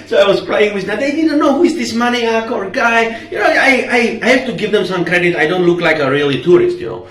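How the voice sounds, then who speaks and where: Animated high-voiced man telling a story. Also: quick pace, few pauses. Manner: animated, swearing, acts out quoted dialogue. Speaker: travel storyteller. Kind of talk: casual storytelling. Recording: echoey room, far from the mic.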